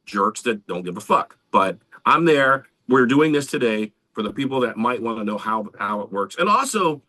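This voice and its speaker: A man chats on a podcast with a bright, forceful voice. He talks in an animated, casual way and swears freely. His pitch sits mid-range for a man. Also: moderate pace. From Central Florida, US. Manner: animated, swearing, lively storytelling. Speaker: podcast co-host, band member.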